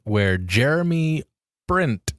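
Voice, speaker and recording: A man's voice: medium pitch, sing-song, takes it slowly, a bit bright, no echo, studio quality. A man hosting a comedy podcast, chatting casually and announcing the countdown. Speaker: podcast host. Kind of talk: casual chat, introducing segments.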